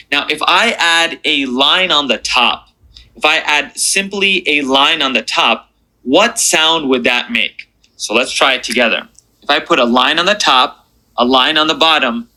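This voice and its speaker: A man teaching a beginner language lesson, patient and encouraging, slowing down to repeat sounds with the learner. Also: a little high, pushed and bright, rough recording.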